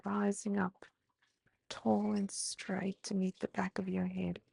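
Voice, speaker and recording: An Australian woman teaching mindfulness, calmly guiding slow breathing and gentle movement. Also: medium pitch, gravelly, slightly rough. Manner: calm, slow, gently instructive. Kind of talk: guided movement and breathing instruction.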